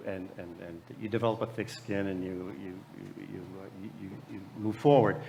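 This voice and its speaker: Delivering a keynote speech, this American man from New Jersey, in his late sixties, shares personal stories and frequently stumbles over and repeats his words. He speaks at normal speed in a fairly low pitch, with slight hiss or hum audible.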